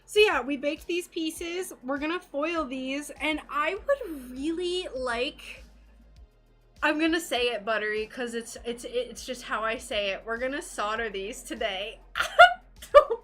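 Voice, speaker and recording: Woman, American accent, high voice, slow unhurried talk, giggly casual streamer chat, soft music behind. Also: sing-song. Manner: giggly, greets chat viewers. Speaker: stained glass livestreamer.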